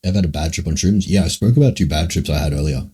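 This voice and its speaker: A man with a very deep, dark voice and a husky edge answers chat questions on a casual livestream. He rambles and muses, swearing freely as he thinks aloud. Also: very fast. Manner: rambling, musing, frequent swearing.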